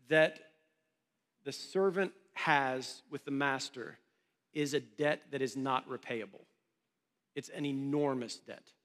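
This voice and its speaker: A pastor giving a conversational sermon, often asking the congregation questions. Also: male voice, fairly high pitch, fairly bright tone. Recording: long hall reverb.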